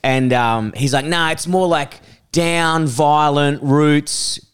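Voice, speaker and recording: A man, a comedian co-hosting a podcast, telling anecdotes with animated, swear-heavy delivery and quick voice impressions. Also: a little high, clean tone. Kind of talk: casual banter and storytelling.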